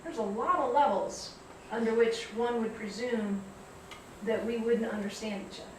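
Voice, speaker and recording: A woman giving a reflective public talk, telling stories in a measured way. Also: a little high, very echoey, far from the mic, background noise. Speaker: guest speaker. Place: lecture hall.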